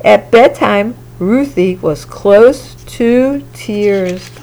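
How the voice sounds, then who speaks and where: Slow, expressive woman reading a children's story. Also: mid-range voice, a little hiss or hum, low-quality recording. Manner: slow, expressive and sing-song. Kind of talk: children's picture-book read-aloud.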